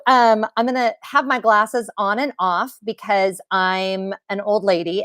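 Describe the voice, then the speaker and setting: A woman's voice: fairly high pitch, dry recording, studio quality. A middle-aged woman hosting a casual live stream from home, bubbly and chatty as she greets viewers by name. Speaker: YouTube live stream host.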